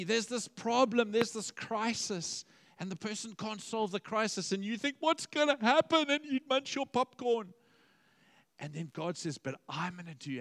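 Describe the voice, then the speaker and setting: A male pastor preaching a conversational, lively sermon, dipping to quiet emphasis and rising to exclamations. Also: high voice, in a large hall.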